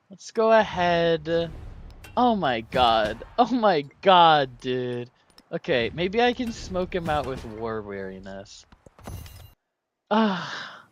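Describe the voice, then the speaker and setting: A gamer giving casual gameplay commentary, breaking into melodramatic mock laments, yelps, swearing and laughter at setbacks. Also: mid-range voice. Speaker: strategy game streamer.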